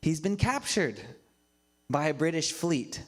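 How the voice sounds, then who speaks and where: A man's voice: on the high side, lively intonation, a little slow, pitched above the performer's own voice. A man voicing an eager male friend urgently pleading for a favor in a raised voice.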